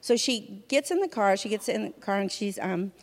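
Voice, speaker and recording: A woman from a church sharing her testimony in a conversational, expressive way, often saying "you know". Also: medium pitch, moderate pace. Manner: fills speech with "you know", vivid and expressive. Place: church hall. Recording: reverberant hall.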